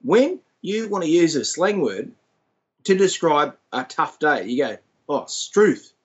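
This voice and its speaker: An Australian man talks movies over a remote link, and the sound is dull and lo-fi. His voice sits a bit high for a man. He is playful and animated, leaning on slang. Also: a little slow. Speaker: podcast guest. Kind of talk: casual chat.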